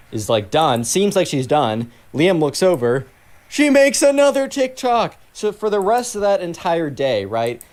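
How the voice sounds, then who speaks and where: A man's voice: medium pitch, darkish tone. A man telling a story in a casual, rambling way, full of filler words, while he plays a game. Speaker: gaming channel host.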